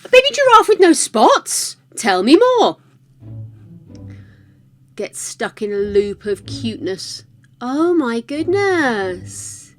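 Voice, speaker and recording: A woman's voice: a little high, huge pitch swings, slow pace, pauses often, a bit bright, soft background music. A woman hosting a livestream, chatting casually with viewers, laughing often and greeting them by name. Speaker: livestream host.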